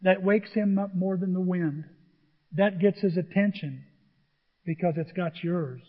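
High-voiced preacher in an echoey church. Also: male voice, measured pace. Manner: dramatic, swings from loud declarations to quiet asides. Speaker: pastor. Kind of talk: sermon. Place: church sanctuary. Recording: dull echoey sanctuary sound.

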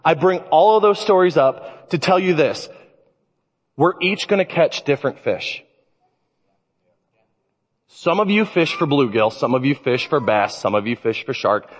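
A man preaching a sermon, telling stories in an animated way. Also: a little high, measured pace, pauses often. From Illinois. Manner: animated storytelling. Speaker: pastor. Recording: reverberant church hall.

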